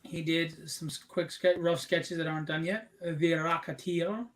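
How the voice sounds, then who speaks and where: Hosting a laid-back live stream, this man shows off viewers' artwork while cracking jokes at his own expense. His voice sits on the high side with fairly even intonation and a fairly bright tone, and he talks at a moderate pace in a chatty, upbeat way.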